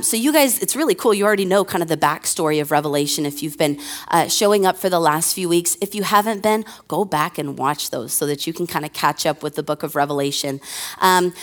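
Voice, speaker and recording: A young woman pastor with a lowish voice preaches from a church stage, talking casually into a handheld mic. Her conversational sermon opens with funny, self-deprecating everyday stories told in a loose, chatty way full of fillers and asides before she eases into scripture.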